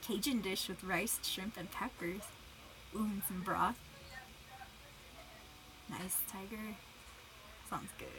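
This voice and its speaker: A woman's voice: mid-range voice, fairly even intonation, takes it slowly, pauses often, background noise. A young woman livestreaming in casual chat, giggling, greeting viewers by name and talking while eating.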